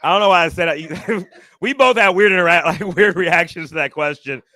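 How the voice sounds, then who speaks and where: A man doing a stand-up comedy set on stage, animated and acting out other people's voices. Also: a little fast, no echo. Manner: animated, acts out other people's voices with big jumps in pitch. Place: comedy stage before a live audience.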